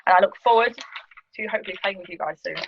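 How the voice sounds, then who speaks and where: A woman's voice: medium pitch, rapid-fire, vocal fry, lo-fi sound, a little hiss or hum. A woman from the United Kingdom, chatting casually and self-deprecatingly as a guest on a video call. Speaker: guest, airsoft player and vlogger. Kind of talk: casual interview chat.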